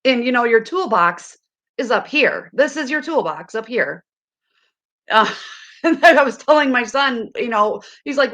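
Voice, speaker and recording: A middle-aged woman with a hoarse voice, chatting casually on a live stream to her viewers, rambling and laughing often. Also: a little high, animated, unhurried, a bit bright.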